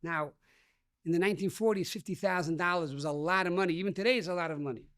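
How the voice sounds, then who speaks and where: A man's voice: high-pitched, quick pace, a bit bright, no room sound, clean studio sound. A rabbi giving a sermon, telling a story and addressing his listeners as dear friends.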